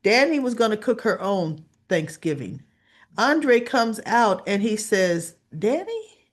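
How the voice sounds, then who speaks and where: Slow-talking woman recapping soap scenes. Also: mid-range voice, animated. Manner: retells scenes by acting out quotes; chatty, addresses viewers as y'all. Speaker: soap opera recap host. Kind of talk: casual recap chat.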